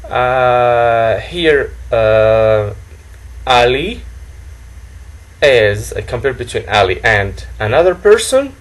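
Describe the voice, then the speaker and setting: A man's voice: mid-range voice, lively intonation, slow, low-quality recording. A man teaching a grammar lesson, who repeats phrases and keeps saying "okay". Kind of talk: slow classroom lesson.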